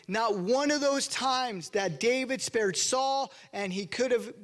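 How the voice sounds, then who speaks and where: A man with a high voice preaches from a church pulpit. He talks in a loose, conversational way and slips into the voices of the people in his story. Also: measured pace, few pauses. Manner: conversational storytelling, acts out quotes. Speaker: pastor. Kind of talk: sermon.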